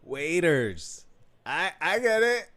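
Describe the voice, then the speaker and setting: Lively man hosting an improv game. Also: fairly high pitch, slow pace. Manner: lively, calling on players and joking. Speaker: improv show host. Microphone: video call.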